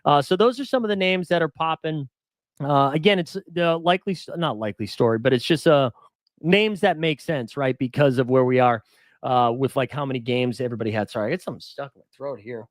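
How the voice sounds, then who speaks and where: A man's voice: mid-range voice, fairly quick, no room sound, clean studio sound. A man hosting a casual fantasy baseball stream, rambling and self-deprecating, chuckling as he talks. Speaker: fantasy baseball show host. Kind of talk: casual live-stream chat.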